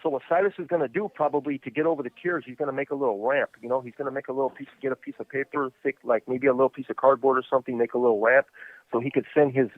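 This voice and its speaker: A man hosting a podcast, telling stories in a relaxed, rambling way full of "you know.". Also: mid-range voice, rapid-fire, no room sound. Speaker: podcast host. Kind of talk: casual storytelling chat. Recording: tinny phone line.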